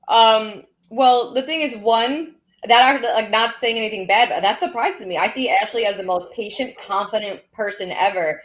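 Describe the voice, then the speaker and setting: A woman co-hosting a live podcast, telling personal stories in casual, animated chat. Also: fairly high pitch, moderate pace, hardly any pauses, rough recording. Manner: animated storytelling with laughs. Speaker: podcast co-host. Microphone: studio podcast mic.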